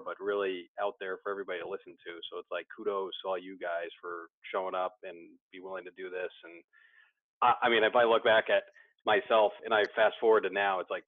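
A man's voice: sits low, dry recording. A man sharing his story candidly in a recovery support meeting, often restarting his sentences. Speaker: support group member. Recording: dry tinny phone-like sound.

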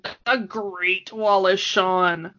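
A woman's voice: medium pitch, steady tone, slow pace, bright, forceful tone. Chatty woman with a lo-fi sound. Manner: chatty, laughs often, fillers and restarts. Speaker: podcast co-host. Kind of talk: casual chat. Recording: dull lo-fi sound.

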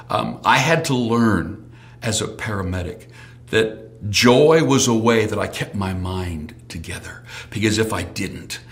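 A middle-aged man preaching a sermon, dropping to soft near-whispers and then rising to sudden loud shouts of praise. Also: lowish voice. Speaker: pastor.

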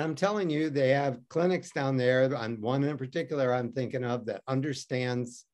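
Interview guest: man from Detroit, lively wry storyteller with a swinging pitch. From Detroit, USA. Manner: wry, self-mocking, acts out quoted dialogue. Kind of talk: animated storytelling.

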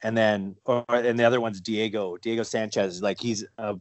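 A man's voice: lowish voice, steady tone, moderate pace, no echo. A man chatting casually on a podcast, rambling with lots of fillers and restarts. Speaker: guest, fighter and wrestler.

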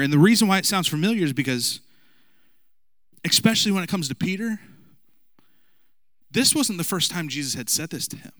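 A man's voice: sits high, bright, forceful tone, no room sound. A man in his thirties, a pastor giving a casual, joking sermon with asides to the congregation. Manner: conversational, jokey preaching with asides to the congregation.

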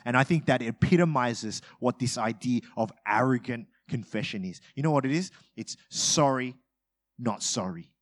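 A man gives a sermon as a pastor at a normal speed, in a medium-pitched voice with hardly any pauses. His delivery is conversational and humorous, with short everyday scenes acted out and swings from loud bursts to quiet asides.

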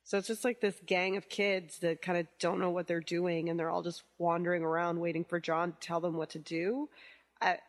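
A woman's voice: on the low side, level tone, normal speed, long reverb tail. A woman hosting a podcast, steering the chat with wry remarks. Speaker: podcast host. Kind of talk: casual chat.

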